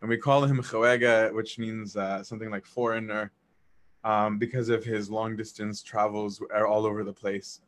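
A man casually telling a personal story, animated, acting out dialogue and laughing as he goes. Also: on the low side, normal speed. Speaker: storyteller recounting memories of a monk.

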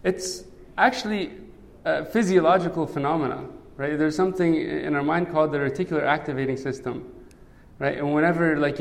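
A man preaching a sermon in a conversational way, often checking in with "right?". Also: on the high side. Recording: long hall reverb.

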